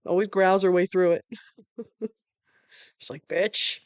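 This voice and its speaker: A woman's voice: on the low side, steady tone, slow, a little mellow, dry recording, highs cut off. A woman giving casual live play-by-play commentary from home, laid-back and swearing freely between plays.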